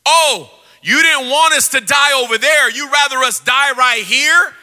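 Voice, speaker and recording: A man preaching, putting on the voice of an angry Israelite complaining to Moses, raised in pitch and shouting. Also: a little slow, big-room sound, heavily acted. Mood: indignant shouting. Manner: shouting, indignant. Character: panicked, complaining Israelite crowd members, man.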